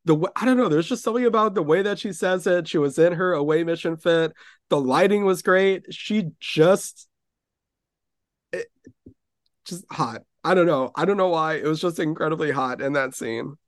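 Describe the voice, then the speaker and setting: An enthusiastic podcast co-host in casual chat, voice at an average pitch. This speaker slips into acted-out character lines with gusto. The sound is dry and close-miked. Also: normal speed, no room sound.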